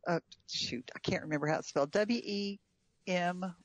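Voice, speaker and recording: Woman guest, casual chatty storyteller, lowish voice, dry muffled call sound. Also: normal speed, no room sound. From United States. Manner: chatty storyteller, laughs often, frequent fillers. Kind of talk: casual chat.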